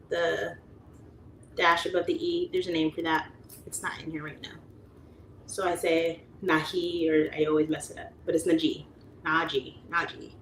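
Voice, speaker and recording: Chatty 30s woman on a livestream, lowish voice, echoey room, bit of hum behind. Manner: chatty, laughs often, mimics voices when quoting. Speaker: livestream host reading chat. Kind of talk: casual chat.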